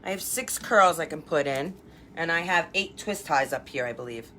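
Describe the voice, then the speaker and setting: A woman's voice: sits low, animated, normal speed, pushed and bright, a little hiss or hum. A woman hosting a live crafting stream from home, chatting and greeting viewers by name as she works. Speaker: craft livestream host.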